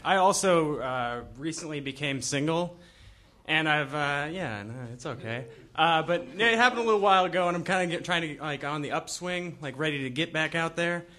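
Young man, storyteller, fairly high voice, bright tone, sheepish, rambling. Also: moderate pace, faint music behind. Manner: sheepish, rambling, with nervous laughs. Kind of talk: live comic storytelling.

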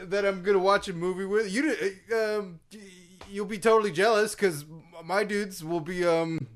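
Easygoing male podcast co-host, slightly high. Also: fairly even intonation, normal speed. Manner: joking, easygoing. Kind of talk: casual chat.

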